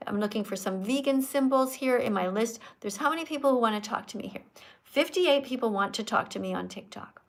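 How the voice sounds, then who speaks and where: A woman hosting a livestream, lecturing her viewers in an emphatic, preachy, teacherly way. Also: a little high. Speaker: livestream host and vegan activist.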